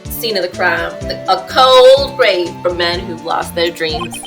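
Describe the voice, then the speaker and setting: A woman's voice: on the low side, expressive, measured pace, faint music behind. A woman reading the lines of a young male defense attorney in a plain, dry and wry way. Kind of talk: reading game dialogue aloud on a livestream.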